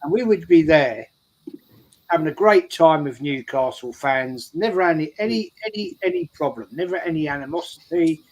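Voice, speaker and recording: A man's voice: on the high side, lively intonation, moderate pace, a little mellow, poor audio. Rambling English man telling stories. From England. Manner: rambling storyteller, repeats himself. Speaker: show regular. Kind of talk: casual chat. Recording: faint background noise.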